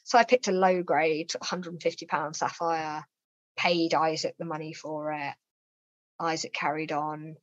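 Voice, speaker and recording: A woman's voice: low-pitched, measured pace, no echo. A woman, a guest telling her personal story in an interview and acting out the voices of people she quotes. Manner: lively, acts out quoted dialogue with raised voice. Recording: slightly dull, dry lo-fi sound.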